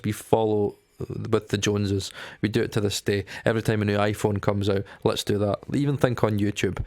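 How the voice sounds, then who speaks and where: A young man talks casually to camera, rambling and stopping to say um between thoughts. His voice sits a little low and barely rises or falls. The sound is close and dry. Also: a little mellow, no room sound. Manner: rambling, lots of ums and restarts. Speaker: music vlogger.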